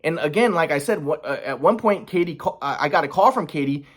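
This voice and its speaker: A man's voice: a little high, expressive, quick pace. A young man in a casual confessional vlog, rambling and agitated, swearing often with many restarts. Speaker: vlogger.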